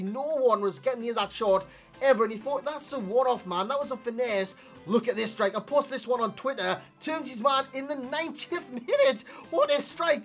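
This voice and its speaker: A man giving a chatty, animated video game player review, talking to viewers as lads, recorded as a desk mic voice-over. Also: very high-pitched. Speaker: gaming YouTuber.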